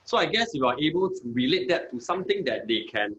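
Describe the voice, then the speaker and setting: A man who is a chemistry teacher, explaining in a measured way with frequent fillers. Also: a little high, sing-song, a bit bright, highs cut off. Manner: measured, many "uh" and "okay" fillers. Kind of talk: conversational explanation.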